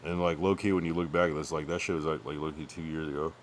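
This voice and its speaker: Low-voiced casual male streamer. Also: fairly even intonation, quick pace, a little hiss or hum. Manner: rambling, profane, thinks aloud about music. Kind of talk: casual livestream chat.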